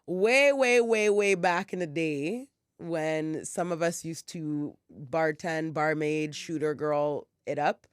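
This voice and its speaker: A woman's voice: low voice, takes it slowly, smooth, no echo, studio quality. A woman co-hosting a podcast, telling a story casually and rambling, with lots of "like" and "whatever" and plenty of swearing. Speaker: podcast co-host. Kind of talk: casual chat.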